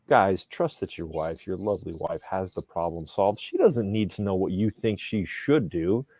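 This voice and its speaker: A man co-hosting a podcast as a couples therapist, talking in an animated, joking way with quick asides. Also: lowish voice, no room sound. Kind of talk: casual podcast conversation.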